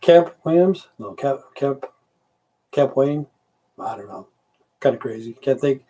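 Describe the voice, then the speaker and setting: A man's voice: medium pitch, expressive, a little slow, mellow. A middle-aged man chatting casually on a livestream, answering viewers' comments, rambling, swearing and losing his train of thought. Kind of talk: casual live-stream chat.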